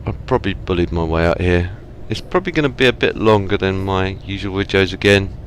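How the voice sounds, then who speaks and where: A low-voiced man with an English accent rambles through his gameplay in a relaxed, chatty way. He pokes fun at himself and addresses the other drivers on the road, and a faint hiss sits under his voice. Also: a little fast. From England. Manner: chatty and self-mocking, talks back to traffic. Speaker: let's play gamer. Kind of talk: casual gameplay commentary. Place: home, at a driving-sim rig.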